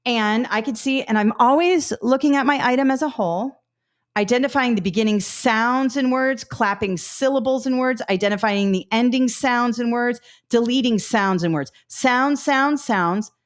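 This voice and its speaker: A middle-aged woman teaching a live test-prep webinar, upbeat and coaching, talking through examples out loud. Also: on the high side, normal speed.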